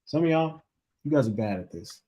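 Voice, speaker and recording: An energetic man in the role of a relationship coach, delivering a loose motivational talk at a middle pitch. He speaks to his listeners directly and plays out the lines of the people he quotes. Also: moderate pace, dull audio. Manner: animated, acts out quoted voices, addresses audience as y'all.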